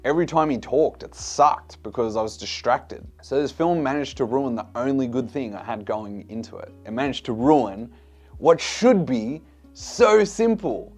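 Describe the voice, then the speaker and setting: A man giving a casual film review in a blunt, exasperated way, swearing freely. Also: fairly low pitch.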